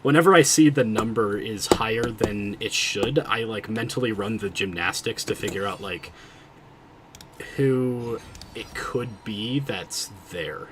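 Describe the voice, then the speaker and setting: A man streaming a video game, chatting casually with his viewers and thinking out loud, often cutting himself off mid-sentence. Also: fairly low pitch, measured pace, noisy background. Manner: rambling, self-interrupting, thinking out loud. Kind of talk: casual livestream chat while gaming.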